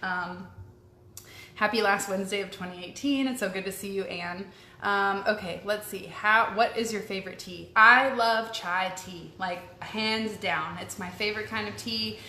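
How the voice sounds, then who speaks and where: A woman's voice: mid-range voice, moderate pace, sharp tone, a little hiss or hum. A young adult woman hosting a casual live stream, chatting upbeat with viewers and reading out their questions, full of ums and likes. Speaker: host answering viewer questions. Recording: echoey room with faint ambience.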